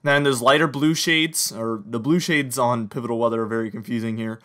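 A young man with a slight Southern American accent giving a chatty, upbeat weather forecast, walking viewers through radar maps. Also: brisk. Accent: slight Southern or Mid-Atlantic American. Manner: upbeat, chatty, talks straight to viewers with lively pitch jumps.

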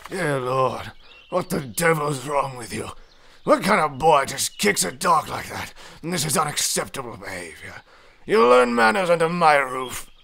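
A man voicing a stern, old-fashioned father who scolds pompously in an animated parody. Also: on the high side, a little slow, vocal fry, heavily acted. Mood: outraged.

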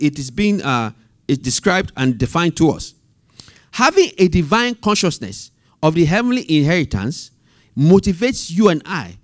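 Man, Bible study teacher, repeats scripture references, lively rising and falling voice, dry sound. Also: high-pitched, dry recording. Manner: reads scripture slowly, repeats references and key phrases; calls out amen to the group.

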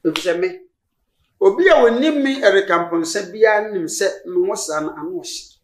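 A man's voice: high-pitched, animated, normal speed. An older man with a Ghanaian accent, a church elder answering interview questions in an emphatic, preacherly way, slipping into English phrases. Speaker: church elder and spiritual leader, guest. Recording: roomy studio sound.

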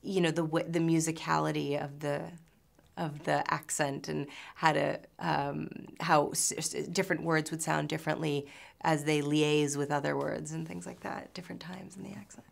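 A woman's voice: deep voice, flat delivery, moderate pace, creaky. A woman from New York in her thirties, an actress answering interview questions in a chatty way, full of fillers and restarts.

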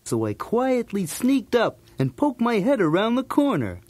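A man's voice: sits high, wildly swooping pitch, measured pace, darkish tone, no room sound, heavily acted. A man voicing a cool, wisecracking male cartoon dog, narrating a storybook cassette in a jokey, streetwise manner. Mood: breezy.

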